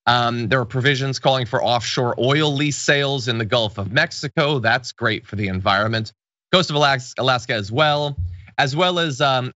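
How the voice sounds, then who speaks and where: Male political commentary host, wry and sarcastic; bright, forceful tone, dry studio. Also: mid-range voice, no echo, dull audio.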